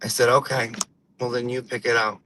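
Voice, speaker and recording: A man's voice: medium pitch, little pitch movement, sharp tone, a little hiss or hum, natural voice, low-quality recording. Auntie Deb: a man playing a chatty mom. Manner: rambling, gossipy, drawn-out. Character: chatty middle-aged Portuguese-American mom on her morning drive. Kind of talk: comedic character monologue.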